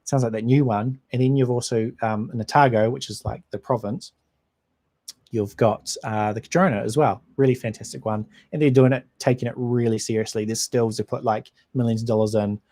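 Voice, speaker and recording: A man's voice: medium pitch, steady tone, fairly quick, dark tone. A man with a New Zealand accent hosting a casual livestream. He rambles in a friendly way and reads out and answers viewer comments. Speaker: whisky channel host.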